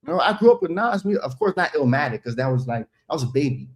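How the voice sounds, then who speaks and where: A man's voice: medium pitch, very animated, fast. A man in his thirties from the Netherlands, a rapper chatting casually as a guest, telling stories in a loose, rambling way and laughing easily. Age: 30s. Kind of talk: casual chat on a stream.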